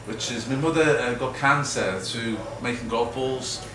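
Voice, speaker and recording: A man's voice: mid-range voice, a little slow, crowd noise. A middle-aged man with a Liverpool accent, telling rambling, self-mocking stories to an audience and acting out quotes. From Liverpool, England. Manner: chatty, self-mocking, acts out quotes, laughs often. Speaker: guest speaker. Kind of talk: rambling anecdotal talk to an audience. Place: event hall with a live audience. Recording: echoey hall, mic from far off, background noise.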